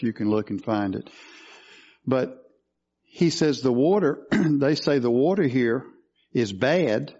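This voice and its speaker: In a muffled recording, a male preacher with a slightly mellow, mid-range voice works through scripture in his sermon. He teaches as he goes, regularly asking his listeners questions.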